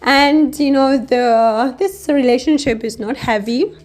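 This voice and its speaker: A woman hosting an astrology channel, explaining a couple's chart in an unhurried way, often adding "you know" and "right?" as she talks. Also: high-pitched, darkish tone. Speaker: astrologer host. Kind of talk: explanatory astrology reading to camera.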